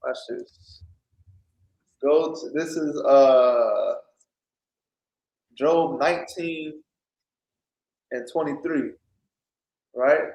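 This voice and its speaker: Man, informal preacher, slow deliberate delivery, fairly high voice, keeps asking "right?", echoey room. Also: darkish tone. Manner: keeps asking "right?", stops and restarts often.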